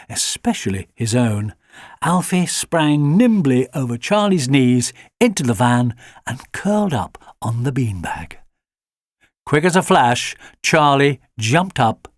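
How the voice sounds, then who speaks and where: Lively, unhurried male storybook narrator. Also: medium pitch, no echo, studio quality. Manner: lively and expressive. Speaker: audiobook narrator.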